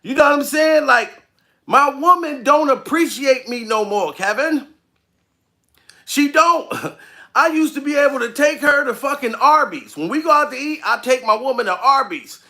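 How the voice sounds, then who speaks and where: A man with a high-pitched, bright, cutting voice delivers a comedic rant straight to camera. He talks in coarse street slang, circling back over the same points again and again. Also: lively intonation, normal speed. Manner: profane, repetitive street-talk rant.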